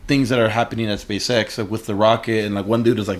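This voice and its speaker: Laid-back rambling man, lowish voice. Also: fairly even intonation, fast talker. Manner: rambling, full of fillers and slang. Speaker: artist guest. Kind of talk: casual interview chat.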